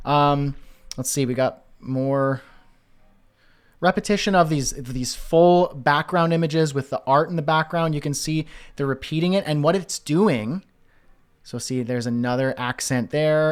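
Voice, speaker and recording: A man's voice: mid-range voice, smooth. A man teaching web design, talking casually through a screen-share walkthrough and thinking aloud with fillers and restarts.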